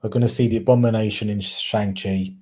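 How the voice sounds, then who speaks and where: A man's voice: lowish voice, fairly even intonation, a little fast, mellow. A man with a Cockney accent, co-hosting a casual chat and often stopping to correct himself mid-sentence. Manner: rambling, self-correcting, often trips over words. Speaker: podcast co-host.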